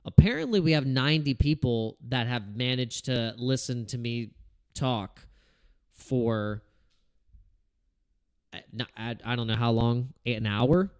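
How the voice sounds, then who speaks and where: A man's voice: mid-range voice, unhurried, pauses often, smooth, dry recording, clean studio sound. A man hosting a casual livestream about trading, ranting in frustration, swearing and restarting his sentences. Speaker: crypto trading livestream host.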